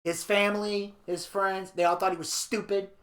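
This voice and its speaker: A man's voice: sits high, moderate pace. Man co-hosting in a roomy room. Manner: animated storyteller, slips into impressions. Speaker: podcast co-host. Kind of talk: casual review chat, reading episode notes.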